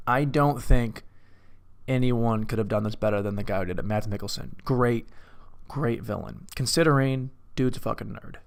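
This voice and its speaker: A man alone in a room, casually reviewing a film, rambling, cursing and mocking himself. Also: mid-range voice. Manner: rambling, self-mocking, profane. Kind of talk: casual movie commentary.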